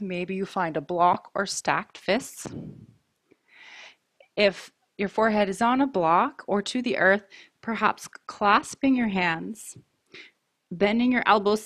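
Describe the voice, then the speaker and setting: A woman teaching a yoga class, giving calm, mindful cues about breath and poses while wearing a mic. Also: medium pitch, dry recording, studio quality. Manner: calm, slow, mindful cueing. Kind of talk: guided yoga class instruction.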